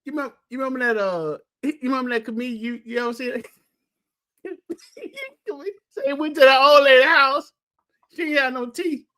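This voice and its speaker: A man's voice: very high-pitched, brisk, sharp tone. A man cohosting a casual sports chat, teasing his partner and telling stories. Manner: storytelling, teasing, laughing.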